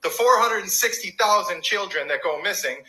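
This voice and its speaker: A man's voice: high-pitched, lively intonation, brisk, bright, forceful tone, rough recording. A man speaking in an emphatic, insistent way, repeating his question. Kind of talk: emphatic speech.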